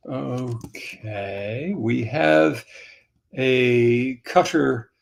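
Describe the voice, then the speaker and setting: A man's voice: mid-range voice, very slow, creaky, a little hiss or hum. An older man, a comic creator, chatting casually on a livestream, rambling and spelling names aloud as he signs items for fans.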